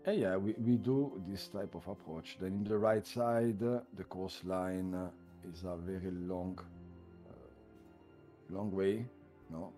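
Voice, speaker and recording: A man's voice: low-pitched, fairly even intonation, measured pace, dark tone. Italian-accented man cheering on a stream. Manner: cheering, praising, loose broken English. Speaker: livestream co-host. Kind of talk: live commentary on flight sim landings. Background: music.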